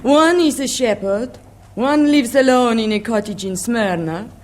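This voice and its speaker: A woman's voice: a little high, a little slow, a little mellow, close to an everyday voice. A woman playing a sly, seductive female agent in a 1960s radio comedy sketch. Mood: coy.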